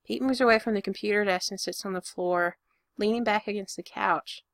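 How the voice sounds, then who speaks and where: A woman reading fiction aloud as narrator in an even, intimate storytelling manner. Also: mid-range voice, a little fast, no echo, clean studio sound.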